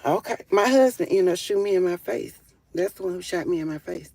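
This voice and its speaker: A woman's voice: on the low side, fairly quick, vocal fry, a little mellow, breathy edge. A woman telling her own story in a casual live stream on her phone, emphatic, with frequent fillers. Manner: emphatic, with frequent fillers like "or whatever" and "you feel me".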